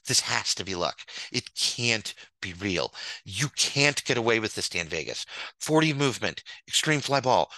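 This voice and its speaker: A man's voice: lowish voice, very animated, moderate pace, bright, forceful tone, no room sound, low-quality recording. A man hosting a show, ranting with theatrical mock anger over slides and repeating his points for emphasis. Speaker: host.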